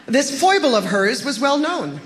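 An audiobook narrator reading a literary story in a measured, wry manner, recorded with a long echo. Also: high voice, big pitch swings, fairly bright tone, slight background noise. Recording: long echoing reverb.

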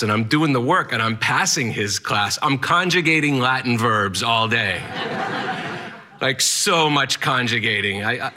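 A man's voice: mid-range voice, sharp tone. Man telling a punchy personal story. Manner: vivid present-tense narration with rhythmic, punchy phrasing. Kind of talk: first-person storytelling performance.

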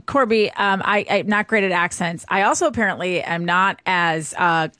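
A woman's voice: lowish voice, moderate pace, bright, forceful tone, dry recording. Woman radio cohost, breezy and talkative, dry studio sound. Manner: breezy, talkative with filler words. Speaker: radio co-host. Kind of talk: casual radio chat.

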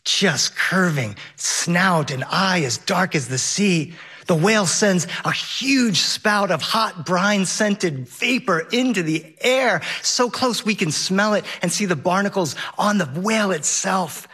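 A man's voice: high voice, expressive, slow pace, bright, forceful tone, husky. A man telling a first-person story on stage, with vivid and well-paced narration.

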